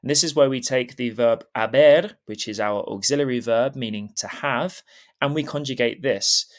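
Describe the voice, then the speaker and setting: A man's voice: mid-range voice, normal speed. Patient man teaching Spanish verb forms. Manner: clear, patient explaining, frequent checking "okay?"; switches between English and carefully pronounced Spanish. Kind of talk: online language lesson.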